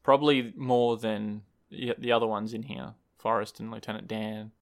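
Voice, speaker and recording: A man's voice: fairly low pitch, little pitch movement, moderate pace. A man in a casual, thoughtful conversation about a film. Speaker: podcast co-host discussing a film. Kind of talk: casual chat.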